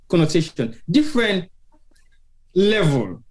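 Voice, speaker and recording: A man's voice: high-pitched, animated, normal speed, a little mellow. A man with a Sierra Leonean accent hosting a live talk show, stressing his points by repeating phrases. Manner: emphatic, repeats phrases for effect.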